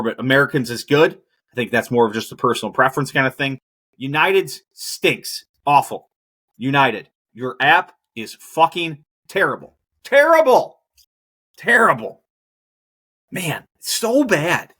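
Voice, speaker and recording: A man's voice: mid-range voice, pushed and bright. A man hosting a podcast, ranting casually and profanely about air travel and movies. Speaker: podcast host. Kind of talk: casual monologue.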